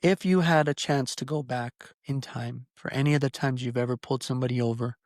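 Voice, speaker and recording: A man's voice: mid-range voice, steady tone, fairly quick, no echo, clean studio sound. A man co-hosting a podcast, telling a personal story in an earnest, rambling way with many fillers and restarts. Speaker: podcast co-host. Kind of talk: casual podcast chat.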